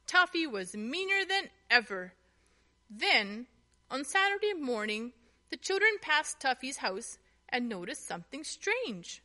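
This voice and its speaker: A woman narrating a children's storybook in a slow, expressive way. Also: sits high.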